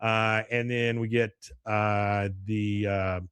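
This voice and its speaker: A man co-hosting a podcast who recaps a cartoon episode in a casual way, laughing often and filling pauses with "uh". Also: on the low side, clean tone, dry recording. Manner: animated, laughs often, stretches words with "uh". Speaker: podcast co-host.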